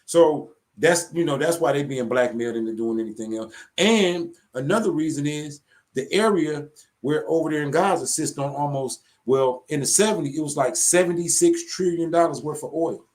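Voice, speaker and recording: A man's voice: fairly high pitch, a little mellow. A man from Detroit co-hosting a casual live stream, talking loosely and repeating himself as he builds a point. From Detroit, USA. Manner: loose, repetitive, builds his argument slowly. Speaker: podcast co-host.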